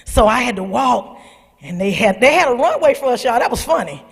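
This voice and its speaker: A middle-aged woman with a drawl tells her own story to a church youth crowd, her high voice leaping up and down as she calls out to them. Her tone is husky, and her words ring out through a large sanctuary with a long reverb. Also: fairly quick. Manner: animated storytelling, calls out to the audience. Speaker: speaker at a church youth service. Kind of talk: personal testimony to young people.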